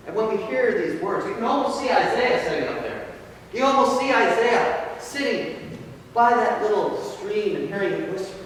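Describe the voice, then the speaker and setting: A male pastor preaching a conversational, storytelling sermon, his voice dropping in pitch and volume at the ends of phrases, in an echoey church hall from far off. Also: a little hiss or hum. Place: church sanctuary.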